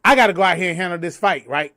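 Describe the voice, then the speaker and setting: A man with an unusually high voice co-hosts a casual political talk stream. He gets heated and animated, rambling along in folksy slang and drawing out his points. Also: very fast. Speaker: co-host.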